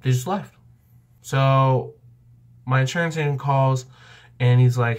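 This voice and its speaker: Excitable young man telling a story. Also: measured pace, pauses often. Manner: animated, excitable, jumps in pitch. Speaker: vlogger. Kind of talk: comedic storytelling.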